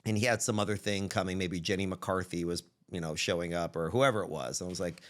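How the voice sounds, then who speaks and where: A man guest from Texas telling stories in a casual interview, animated, acting out quoted dialogue with shifting voice. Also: deep voice, quick pace. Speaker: guest entrepreneur.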